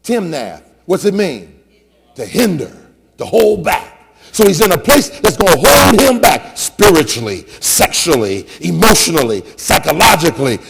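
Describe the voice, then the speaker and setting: A preaching pastor with a husky growl. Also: male voice, big pitch swings, normal speed. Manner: call-and-response preaching, swings from low murmurs to shouts. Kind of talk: sermon. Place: large church sanctuary. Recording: church hall reverb, light noise.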